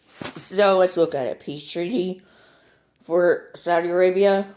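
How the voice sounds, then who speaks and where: Note: the speaker may be a child, based on the line "Jackson, are you recording?" and the mention of his dad. A rambling, slow-talking young male gamer. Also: high voice, steady tone, darkish tone. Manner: rambling and easily sidetracked, full of "like". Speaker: gaming commentator. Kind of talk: casual game commentary. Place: at home.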